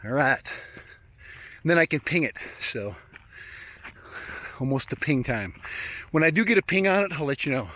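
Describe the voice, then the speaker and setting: A man's voice: a little high, big pitch swings, moderate pace, long pauses, sharp tone. A man narrating a casual outdoor vlog while hiking through open country, chatty and rambling and often chuckling. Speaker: drone hobbyist vlogger.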